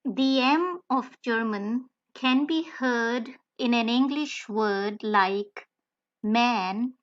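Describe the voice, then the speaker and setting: Slow, careful woman tutor, lo-fi. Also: a little high. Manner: careful, deliberate, spells out letters one by one. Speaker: language tutor. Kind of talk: slow scripted tutorial narration.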